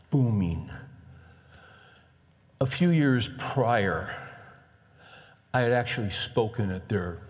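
A middle-aged male pastor telling a story from the pulpit in a conversational, animated way, acting out the people in it. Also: on the low side. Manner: conversational, animated retelling with quoted dialogue. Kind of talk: sermon storytelling. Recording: long hall reverb.

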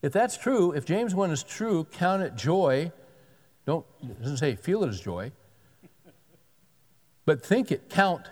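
A pastor preaching a sermon in a conversational, emphatic way, repeating key words for weight. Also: male voice, a little high, big pitch swings, a little slow, long pauses, darkish tone. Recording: long hall reverb.

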